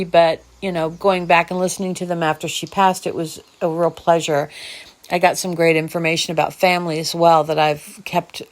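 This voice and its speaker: Low-voiced woman musing in a diary podcast. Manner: musing, meandering, thinks aloud. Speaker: video diary podcast host. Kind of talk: personal diary monologue.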